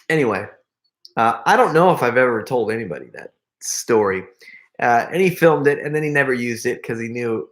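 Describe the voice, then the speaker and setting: A middle-aged man talks to his live-stream audience in a loose, rambling way. He often breaks off and restarts his sentences, laughs in the middle of his stories, and stops to read comments aloud. His voice sits at an ordinary pitch for a man. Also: animated, a little fast, fairly bright tone. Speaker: host reading live chat comments. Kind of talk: casual live-stream storytelling.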